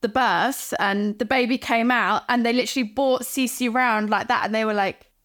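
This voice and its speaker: Bubbly young woman, fairly high voice. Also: moderate pace. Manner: animated, giggly, acts out what people said. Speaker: podcast co-host. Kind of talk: casual chat.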